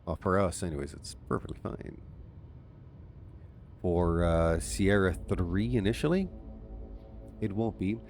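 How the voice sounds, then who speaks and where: Low-voiced man chatting through a game. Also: lively intonation, unhurried, long pauses, darkish tone, soft background music. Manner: rambling, self-amused, chatty asides. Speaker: gaming channel host. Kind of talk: casual let's-play commentary.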